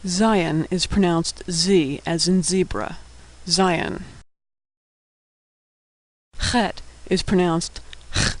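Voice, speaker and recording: Man, high voice, scripted teaching narration, patient and clear, spells out each sound. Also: fairly even intonation, extremely slow, pauses often, no room sound, rough recording.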